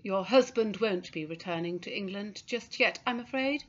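A woman's voice: mid-range voice, normal speed, dull audio, natural voice. A woman doing a polite young Englishman. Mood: tactful. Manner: polite, tactful. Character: polite young English consular assistant, male.

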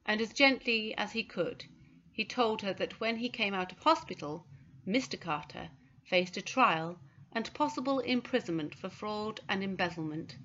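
A woman narrating a children's novel in a steady storytelling manner. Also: medium pitch, highs cut off. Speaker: audiobook narrator. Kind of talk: scripted narration.

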